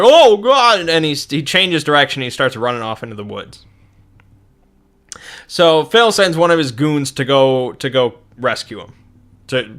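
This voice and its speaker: Bright-voiced young man recounting a game. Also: medium pitch. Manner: rambling, many fillers and restarts. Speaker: tabletop game player. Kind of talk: recounting a tabletop game session.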